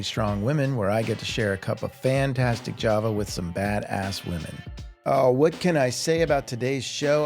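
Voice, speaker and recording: A man's voice: medium pitch, a little mellow. A man hosting a casual podcast, talking in an upbeat, playful way. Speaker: podcast host.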